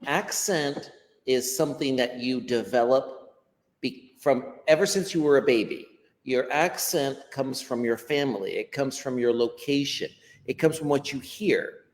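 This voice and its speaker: An American man, a language educator, explaining pronunciation in an interview in a lively teacherly way. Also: medium pitch, measured pace, long reverb tail. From United States. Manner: animated teacherly explaining, acts out quotes. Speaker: ESL educator, guest.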